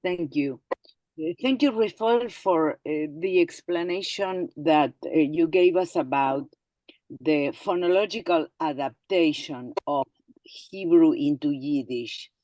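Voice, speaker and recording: A woman's voice: sits low, slow pace, warm tone, no room sound, rough recording. A woman in an online class asks the teacher a question. She hesitates and searches for her words as she goes. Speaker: participant asking a question. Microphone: video call.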